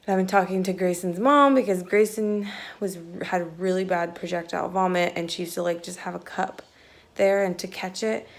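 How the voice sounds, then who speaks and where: A woman's voice: on the low side, vocal fry, a little hiss or hum. A young woman, a tired mother, chatting casually into her phone at home in a family vlog, sighing and saying "like" often. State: exhausted. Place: messy family home, indoors. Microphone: phone held while filming.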